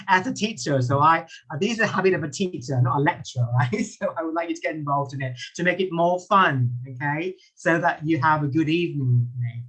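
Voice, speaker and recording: A man who speaks English with a British accent and a Thai first language, teaching an online English class in a playful way, repeating his questions slowly and chuckling often. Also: on the high side, expressive, a bit bright, breathy edge. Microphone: computer mic on a video call.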